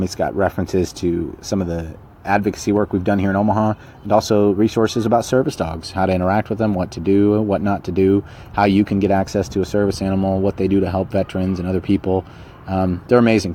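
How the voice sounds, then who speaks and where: Deep-voiced man giving blunt pep talk. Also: warm tone, slight background noise. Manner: blunt, conversational, repeats and restarts phrases. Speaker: podcast host. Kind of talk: casual motivational monologue.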